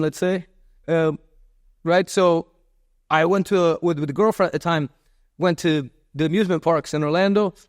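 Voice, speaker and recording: A man's voice: a little high, no echo, studio quality. A man in his fifties from Miami, a podcast guest telling long stories in a loose, repetitive way with many restarts and fillers. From Miami, USA. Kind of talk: rambling interview storytelling.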